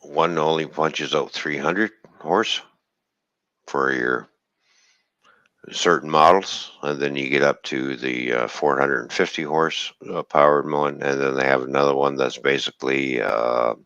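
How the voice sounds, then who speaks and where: A man's voice: very deep voice, steady tone, a little slow, fairly bright tone, dry recording, muffled recording. A man chatting casually on a live stream, joking and rambling through car engine details. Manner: rambling, jokey, explains car engine specs. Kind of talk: casual chat.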